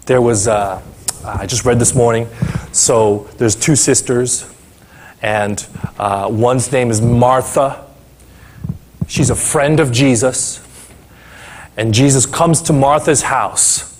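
A middle-aged man, a pastor, preaching a sermon in a conversational, animated way and acting out the people in his story. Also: mid-range voice, takes it slowly, long pauses.

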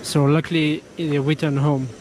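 A man's voice: a little high, flat delivery, moderate pace, background noise. Young man vlogging outdoors, blunt and offhand. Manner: offhand, blunt remarks with casual swearing. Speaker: travel vlogger. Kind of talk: casual vlog commentary. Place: outdoors on hiking trails and in caves. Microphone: action camera.

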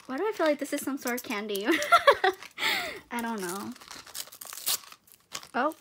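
Bubbly high-voiced woman unboxing gifts. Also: a little slow, pauses often, a little hiss or hum. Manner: excitable, gushing, frequent gasps and giggles. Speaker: unboxing vlogger. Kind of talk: casual unboxing chat.

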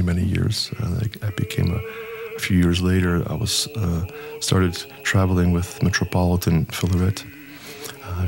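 A middle-aged priest telling a personal story in an interview, unhurried and hesitant, with many fillers. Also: male voice, deep voice, creaky, a little mellow, husky.

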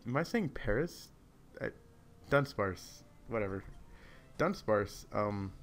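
A man casually commentating a video game, rambling and easily distracted, keeping his voice down in an echoey hotel room. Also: on the low side. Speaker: gameplay commentator. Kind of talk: casual let's play commentary.

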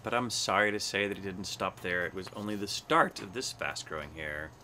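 Aboard a space station, a man with a deep, lively voice reads a rhyming children's storybook at a fairly quick clip. His tone is sharp, there's a slight hiss or hum, and he gives the animals little sing-song voices.

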